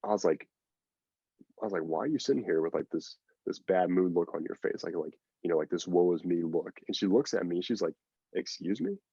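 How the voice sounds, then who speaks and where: A man's voice: low-pitched, a little fast, creaky, mellow, husky, no room sound, dull audio. A man guest on a podcast, telling a long story in a rambling, casual way with lots of fillers and acted-out quotes. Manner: rambling, filler-heavy, acts out quoted lines.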